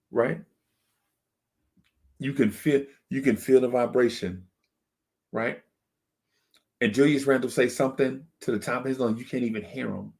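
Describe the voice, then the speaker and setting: A man hosting a fan video channel, telling a story to build hype and asking "right?" again and again. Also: medium pitch. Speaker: YouTube channel host.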